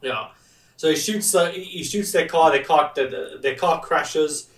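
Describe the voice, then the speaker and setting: A man's voice: a little high, unhurried, fairly bright tone, far from the mic. Guy rambling thru a movie recap, lots of likes and uhs, echoey room, sits back from the mic. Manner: rambling retelling with many fillers and restarts. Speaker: podcast co-host. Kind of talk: casual film review chat.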